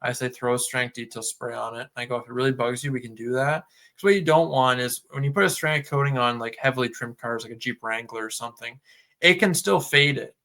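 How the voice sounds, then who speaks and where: A man's voice: mid-range voice, a little fast. A man co-hosting a casual podcast, talking loosely with many fillers and acting out customer conversations. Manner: relaxed, lots of filler words, acts out customer dialogue. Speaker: podcast co-host.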